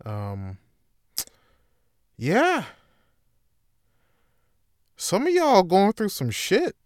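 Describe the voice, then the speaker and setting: A man hosts his own podcast with a loose, joking, profane monologue. He jumps from loud, hyped bursts to low, mumbled asides. His voice sits a bit high and sounds smooth and clear, close to the mic in a dry space. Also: wildly swooping pitch, slow pace, dry recording. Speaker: podcast host. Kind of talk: rambling comedic monologue.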